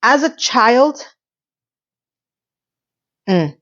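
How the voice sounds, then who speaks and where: A woman's voice: animated, fairly bright tone. Woman recapping a TV show, a little muffled. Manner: chatty and emotional, with quick rises in pitch. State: tearful. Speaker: TV recap vlogger. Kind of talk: casual solo recap.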